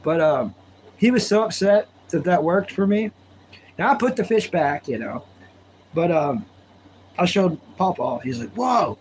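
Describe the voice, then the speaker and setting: A man's voice: sits high, animated, a little slow, pauses often, a little mellow, slight background noise, low-quality recording. A man hosting a casual live stream, chatting folksily with viewers and telling stories, indoors at home. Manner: chatty, folksy, answers viewer comments aloud. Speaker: livestream host.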